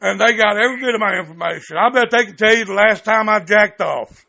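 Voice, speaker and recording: A man argues over a phone line, blunt and heated, tripping over repeated words. His voice sits high with a gravelly edge and a bright, tense tone. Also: fast talker. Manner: angry, blunt, stammering repeats, cusses. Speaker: caller, activist recording his calls. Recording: phone call recording.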